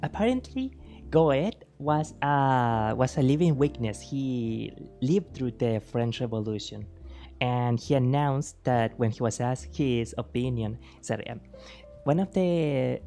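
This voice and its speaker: Very deep-voiced, slow-talking woman streamer. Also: lively intonation, mellow, soft background music. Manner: playful, teasing, thanks chat over and over; deliberately slow, careful speech. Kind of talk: casual live-stream chat with viewers.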